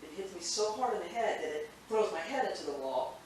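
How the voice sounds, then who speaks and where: A woman's voice: medium pitch, expressive, fairly quick, a little mellow. A woman who works as a teacher, casually telling funny stories, acting out quotes and laughing often. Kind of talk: casual storytelling. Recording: echoey room from far off with faint noise.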